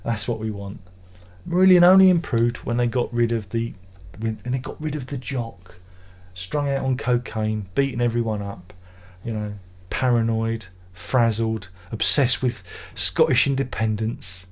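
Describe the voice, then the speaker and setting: A man's voice: mid-range voice, measured pace, a little mellow. A middle-aged man chats loosely on a home live stream and reads viewer comments aloud. He rambles from thought to thought with a sardonic, grumbling edge and mock-exasperated asides. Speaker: livestream host reading viewer comments. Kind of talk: casual live-stream chat.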